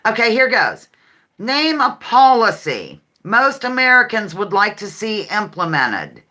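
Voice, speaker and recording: Her voice is lowish, bright and forceful. She's a livestream host running a casual game, chatty and giggly, reading out the answers viewers send in.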